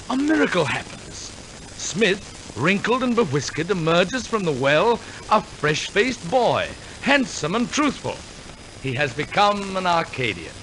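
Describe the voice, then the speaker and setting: A man's voice: high-pitched, noisy background. A man announcing and narrating a 1940s radio musical, telling the story theatrically with wry asides. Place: radio studio.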